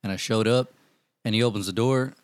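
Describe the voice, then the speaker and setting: A man telling profane, animated stories in casual chat with friends, acting out what people said. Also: on the low side, brisk, no room sound. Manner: profane, animated storytelling, acts out quotes. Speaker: storyteller among friends.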